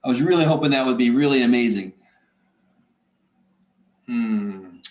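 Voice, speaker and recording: A man's voice: medium pitch, lively intonation, measured pace, darkish tone, roomy sound. A man teaching a math lecture, talking himself through the arithmetic and muttering curses under his breath. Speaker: math instructor. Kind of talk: recorded classroom lecture.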